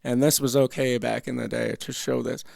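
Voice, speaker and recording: Canadian male host, gravelly and mid-pitched, swearing through loose reaction chat at a dry home desk mic. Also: level tone, moderate pace, a little mellow, no echo. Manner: rambling, profane, laughing asides. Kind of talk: casual reaction commentary.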